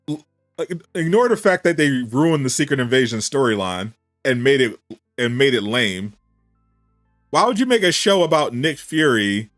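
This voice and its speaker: Male streamer, casual reaction chat, incredulous and animated, mid-range voice, dry recording. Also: mid-range voice, no room sound. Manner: animated, incredulous rhetorical questions, frequent laughs.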